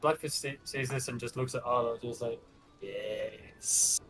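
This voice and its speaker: A man's voice: medium pitch, fairly even intonation, a little fast, fairly bright tone, soft background music. A man playing a tabletop game, describing his character's actions in casual chat. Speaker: player.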